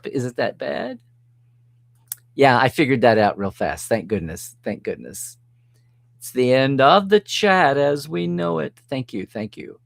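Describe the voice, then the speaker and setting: A man's voice: mid-range voice, dry recording. A man hosting a live stream, chatting casually and reading out and answering viewer comments with frequent chuckles. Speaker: host reading live chat.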